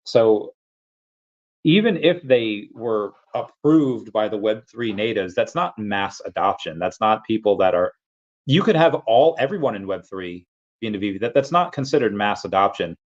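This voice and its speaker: Low-voiced man chatting on a livestream. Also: animated, moderate pace, lo-fi sound. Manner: rambling, reads viewer comments aloud. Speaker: livestream host. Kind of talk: casual livestream chat.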